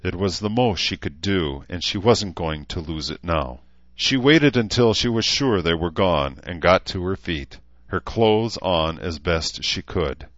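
A man narrating a novel as an audiobook in an even, measured reading. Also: deep voice, no echo, dull audio. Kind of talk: scripted narration.

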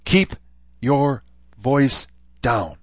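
A man's voice: lowish voice, animated, normal speed, a bit bright, dry recording, dull audio. A man voicing a hardened young woman who speaks curtly and bitterly, in a commanding tone, for an audiobook.

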